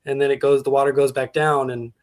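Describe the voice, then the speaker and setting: A man in a casual book discussion, reflective and measured as he interprets the story. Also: medium pitch, flat delivery. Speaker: guest reviewer.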